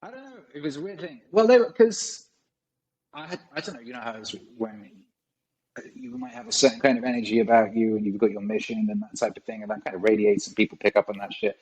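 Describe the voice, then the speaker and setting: A man's voice: mid-range voice, animated, quick pace, a little mellow, low-quality recording. A man in his forties, a guest on a podcast, telling rambling stories in a casual way and swearing often. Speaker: guest musician. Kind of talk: casual storytelling.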